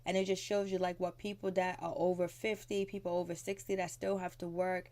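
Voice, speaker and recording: A woman's voice: on the low side, little pitch movement, fairly quick, a little mellow. A woman giving a casual recap of a TV episode, rambling and conversational, frank, with mild swearing. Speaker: TV recap vlogger.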